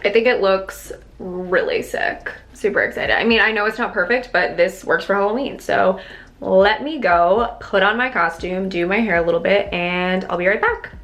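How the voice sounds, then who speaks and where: A woman's voice: medium pitch, normal speed, fairly bright tone. A woman beauty vlogger talking through a makeup tutorial in a chatty, exclamatory way. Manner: chatty and exclamatory, many fillers. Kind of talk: casual makeup tutorial chat. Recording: roomy echo.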